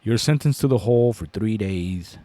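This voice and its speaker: A man voicing a stern lion king who judges a dispute, speaking slow and grave. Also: lowish voice, animated, dark tone, dry recording, natural voice. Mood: solemn.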